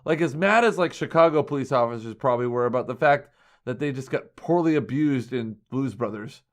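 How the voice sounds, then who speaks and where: A man's voice: mid-range voice, fairly quick. A man co-hosting a podcast, reviewing a movie in casual chat, rambling wryly and sometimes tripping over words. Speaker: podcast co-host.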